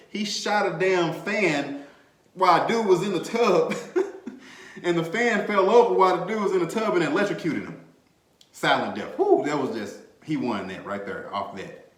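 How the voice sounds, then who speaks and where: A man hosting a podcast, chatting casually about a movie in an animated, slangy way, laughing and swearing freely. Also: a little high. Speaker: podcast host. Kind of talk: casual movie review chat. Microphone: desk mic, bumped at times. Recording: echoey room.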